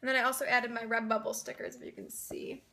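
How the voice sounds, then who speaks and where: A woman's voice: a little high, wildly swooping pitch, fast talker, creaky, bright, forceful tone, a little hiss or hum. A young woman chatting through a casual vlog, rambling and dramatic. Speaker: vlogger.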